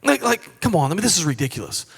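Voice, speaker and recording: A male pastor preaching a sermon in a conversational style, moving between hushed and raised delivery. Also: high voice, very animated, fast, creaky, breathy edge, in a large hall. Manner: conversational asides and restarts.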